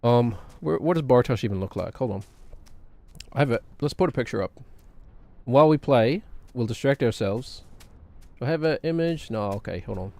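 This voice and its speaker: A man's voice: medium pitch, expressive, moderate pace, mellow. A man streaming a game, chatting in a rambling, joking way with self-deprecating asides. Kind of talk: casual gaming stream chatter.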